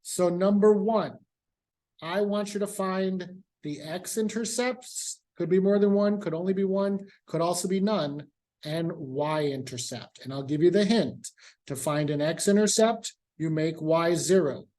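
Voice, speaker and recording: A man's voice: high-pitched, a little slow, darkish tone. Man, math professor, classroom lecture, casual, repeats himself, talks straight to students. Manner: casual, repeats key points, speaks to students directly.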